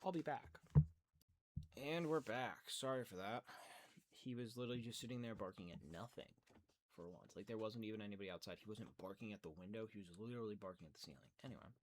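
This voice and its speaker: A man reading a novel aloud in a relaxed way, with chatty asides and occasional slips, recorded at home. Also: fairly low pitch, fast. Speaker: reader of a novel. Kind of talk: casual audiobook read-aloud.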